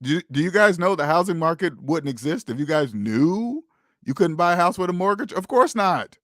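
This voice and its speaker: Speaking at a moderate pace, this man runs a finance channel and addresses viewers casually but emphatically, leaning on rhetorical questions and saying "okay?" again and again. His slightly high voice swings widely in pitch and has a fairly bright tone, captured cleanly in a studio with no room sound.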